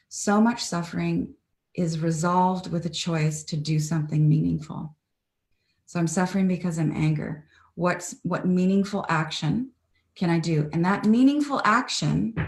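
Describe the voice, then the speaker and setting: A woman's voice: fairly low pitch, roomy sound. A Canadian woman speaking earnestly and reflectively as an interview guest over a video call.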